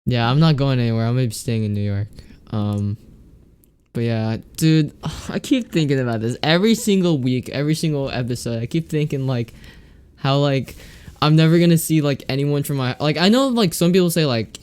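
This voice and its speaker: A man's voice: mid-range voice, animated, brisk, darkish tone, smooth. A teenage boy talking casually on a podcast with a friend. He rambles through his thoughts in loose, filler-packed sentences and often breaks into laughter. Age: teens. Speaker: podcast co-host. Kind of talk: casual chat.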